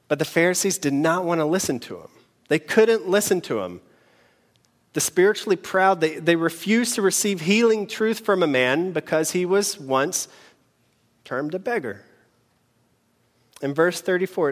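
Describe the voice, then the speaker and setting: A man preaching a sermon in an earnest, measured way, pausing between phrases. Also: a little high, a bit bright. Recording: long hall reverb.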